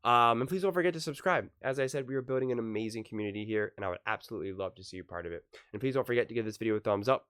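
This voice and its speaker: Young man, sports commentary host, emphatic, animated, punchy, speaks straight to his viewers. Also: medium pitch, very fast, hardly any pauses, smooth, dry recording, studio quality. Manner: animated, emphatic, quoting players in punchy voices. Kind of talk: solo sports opinion commentary.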